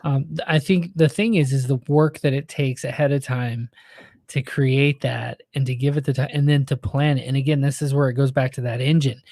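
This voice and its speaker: A man's voice: mid-range voice, steady tone, fairly quick, a little mellow, dry recording. A male podcast host talks in a loose, conversational way, often tossing in little fillers. His voice sits mid-range, and the recording is dry and close, with almost no room sound. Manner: loose and conversational, leaning on "you know" and "right". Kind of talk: casual interview chat.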